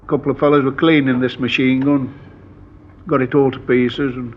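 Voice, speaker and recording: A man's voice: a little high, a bit bright, slight background noise. An older male war veteran telling an anecdote in a chatty way, acting out the dialogue he quotes. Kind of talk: anecdotal storytelling. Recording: dull lo-fi archive recording.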